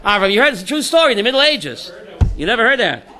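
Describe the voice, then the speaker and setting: A man's voice: extremely high pitch, fast talker. A man teaching an informal Torah class as a rabbi, telling stories with jokes and acting out the quotes. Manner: animated storyteller, acts out quotes.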